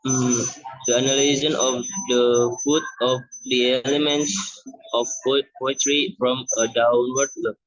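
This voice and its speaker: A young man giving a class presentation on a poem, reading haltingly and restarting words. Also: medium pitch, little pitch movement, fairly bright tone, no echo. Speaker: student presenter. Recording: dull lo-fi recording.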